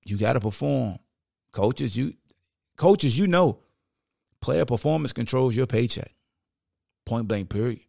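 A man's voice: medium pitch, animated, measured pace, creaky, long pauses, a little mellow, no room sound, studio quality. A man hosting a sports podcast, talking in a casual, emphatic monologue and often saying "like" and "y'all". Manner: conversational, emphatic, heavy use of "like" and "y'all".

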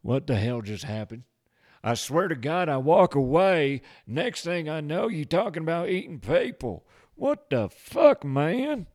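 A man voicing a cranky, foul-mouthed cowboy who swears in exasperation, pitched well above his own low voice. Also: very animated, measured pace, darkish tone. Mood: exasperated.

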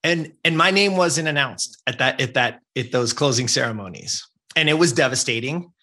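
A man's voice: medium pitch, normal speed, bright, forceful tone. A man, telling a personal story as a guest in an earnest, emphatic way and often checking in with "right?". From Southern California. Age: 50s.

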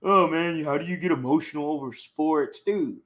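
A young man from Houston co-hosting a casual sports chat, passionate and excitable, often repeating himself. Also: a little high, normal speed. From Houston, Texas. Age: young adult. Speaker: sports podcast co-host.

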